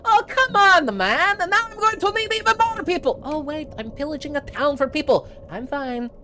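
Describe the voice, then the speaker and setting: A man doing a loud, whiny pirate captain. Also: very high-pitched, expressive, normal speed, slight background noise, voice pushed up, heavily acted. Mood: exasperated. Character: bored swaggering male pirate captain.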